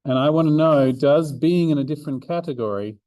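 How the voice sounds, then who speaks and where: This man has a fairly high, warm voice and a brisk pace, recorded dry. As a maths learning centre coordinator, he explains a revision seminar in steps, restarting and using fillers while sketching notes in a room for an overhead camera.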